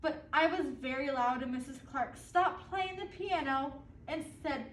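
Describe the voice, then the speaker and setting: A woman's voice: sits high, a little slow, slight background noise. A woman reading a picture book aloud to children, stopping to ask them questions. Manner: asks the children questions between pages. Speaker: storybook reader. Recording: echoey room, distant mic, faint ambience.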